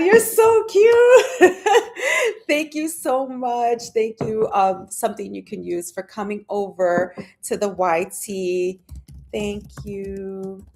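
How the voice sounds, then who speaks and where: A woman hosting a casual live stream, chatting and greeting viewers by name, with sudden high squeals of excitement.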